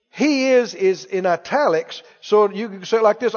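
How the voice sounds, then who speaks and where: High-voiced male preacher in echoey hall. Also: moderate pace, muffled recording. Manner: exhorting, quizzes the congregation. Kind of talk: sermon.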